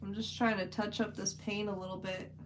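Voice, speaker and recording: A chatty woman with a drawl talks loosely to her stream chat as she paints, filling her sentences with "like." Her voice sits at a middle pitch, and a faint hum runs underneath. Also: level tone, brisk. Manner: chatty, rambling, many "like" fillers. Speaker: livestream host. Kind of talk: casual livestream chat while painting.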